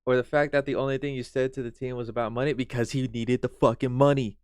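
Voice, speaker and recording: Smooth-voiced man ranting in exasperation. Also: medium pitch, level tone, fast talker, a little mellow, no room sound, studio quality. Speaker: streamer reacting to a video. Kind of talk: reaction stream commentary.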